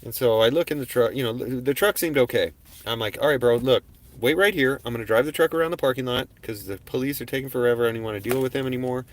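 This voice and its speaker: A man's voice: medium pitch, fast talker, no room sound. Profane casual storytelling man. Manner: profane, animated, acts out quoted exchanges loudly. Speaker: livestream host.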